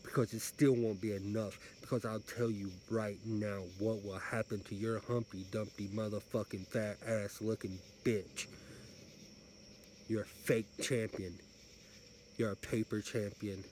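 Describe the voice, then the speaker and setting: A man's voice: lowish voice, level tone, a little slow, darkish tone, a little hiss or hum. A man cutting an aggressive, profane, threatening wrestling trash-talk promo. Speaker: amateur wrestling promo performer.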